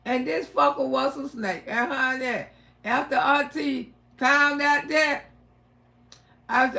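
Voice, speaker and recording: A woman hosting a livestream, telling stories loudly and profanely, often laughing. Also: high-pitched, slow pace, creaky, long pauses. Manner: loud, animated, laughing, profane advice to women. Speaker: livestream host. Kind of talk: casual storytelling livestream.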